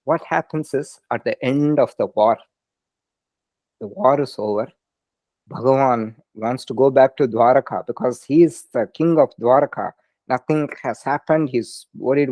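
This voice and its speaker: A man teaching a scripture study class, telling stories in a casual, easygoing way with quick laughs. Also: medium pitch, darkish tone, no echo. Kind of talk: lecture with storytelling.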